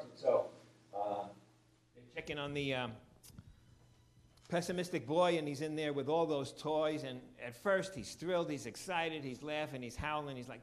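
A man's voice: fairly high pitch, normal speed, darkish tone. A male pastor giving a sermon, opening in prayer and telling stories in a conversational way. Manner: conversational storytelling preacher.

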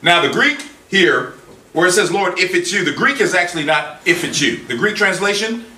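A man preaching a sermon in an animated way, acting out scripture in dramatic voices. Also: high voice, moderate pace, a little hiss or hum. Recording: echoey room from far off with faint ambience.

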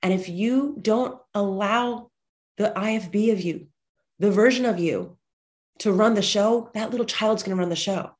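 Animated, chatty woman telling stories. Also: mid-range voice, normal speed. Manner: animated, chatty storyteller, blunt and profane at times. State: slightly congested. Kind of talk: motivational monologue with personal stories.

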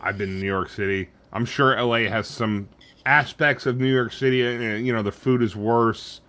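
A man co-hosting a casual podcast, talking in an animated, jokey way. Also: mid-range voice, normal speed. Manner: animated, jokey, slips into voices. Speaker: podcast co-host.

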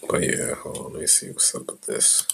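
A man's voice: moderate pace, a bit bright, a little hiss or hum, poor audio. A middle-aged man talking in a loose, profane, rambling monologue as a podcast host, drifting from mumbles into heated rants.

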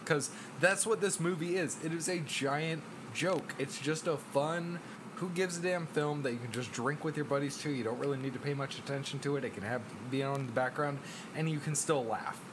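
A man's voice: a little high, moderate pace, noisy background. A young man co-hosting a casual movie podcast, telling stories loosely and laughing along. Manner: laughing, loose storytelling with swearing. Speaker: podcast co-host. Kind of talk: casual chat.

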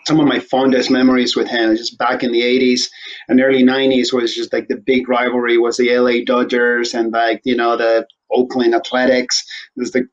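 This male interview-show host rambles and cracks jokes, often breaking into laughter, in a casual setting. His medium-pitched delivery is completely flat and moderately paced, captured on somewhat dull-sounding audio.

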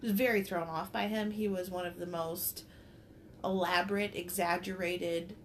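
A woman co-hosting a podcast, telling a story in an animated way, laughing often and swearing casually. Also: fairly low pitch, moderate pace, a little hiss or hum. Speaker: podcast co-host.

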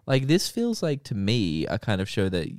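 A man's voice: fairly low pitch, huge pitch swings, normal speed, darkish tone, no echo, clean studio sound. A man co-hosting a podcast, chatting casually and swearing freely about a TV show. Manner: laid-back, swears casually. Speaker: podcast co-host. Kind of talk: casual chat.

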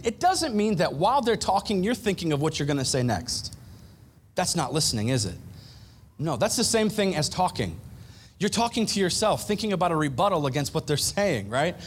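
A male pastor giving a sermon in a relaxed, joking, conversational way, with asides to the congregation. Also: a little high, slight background noise. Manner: humorous, conversational preaching with audience asides.

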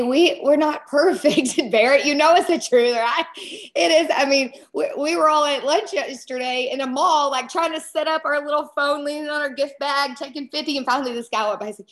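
A woman hosting a team training call, emotional and gushing, talking casually. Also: on the high side. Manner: gushing, emotional, says "freaking" and "y'all". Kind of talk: casual motivational talk.

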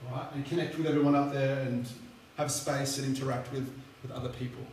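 A man's voice: mid-range voice, flat delivery, quick pace, a little mellow, natural voice. A man quoting a cheerful young father inviting his family up to the top deck. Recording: echoey hall, distant mic, faint hum.

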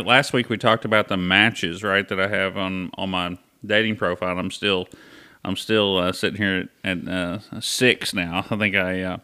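Bright-voiced man, halting and casual. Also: lowish voice, clear, resonant tone. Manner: hesitant, lots of fillers and restarts. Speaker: podcast co-host. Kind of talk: casual chat.

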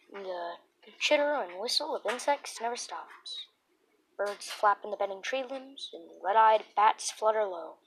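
A woman reading a children's horror book aloud, with dramatic, expressive storytelling and the occasional restart. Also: medium pitch, a little hiss or hum, rough recording. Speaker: narrator.

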